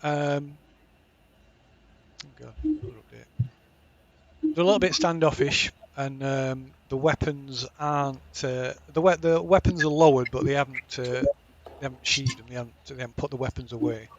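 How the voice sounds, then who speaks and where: A man's voice: mid-range voice, steady tone, moderate pace, muffled recording. A man running a tabletop game, hesitating with many ums. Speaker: game master.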